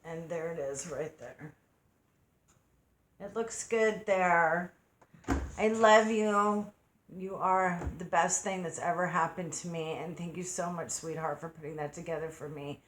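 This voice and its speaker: A woman's voice: sits low, fairly even intonation, measured pace, reverberant, a little hiss or hum. A middle-aged woman hosting a casual craft unboxing vlog at home, chatty and gushing with affection. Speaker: craft channel host. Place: at home by her craft desk.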